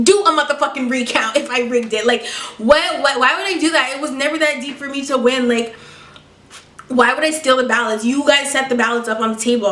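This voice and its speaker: A young woman tells a story in a casual vlog, dramatic and full of sass and swearing. Her voice sits a little high and sounds bright and sharp. It bounces around an echoey room, picked up from a little way off the mic. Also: distant mic. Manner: animated, profane, sassy and dramatic. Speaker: vlogger.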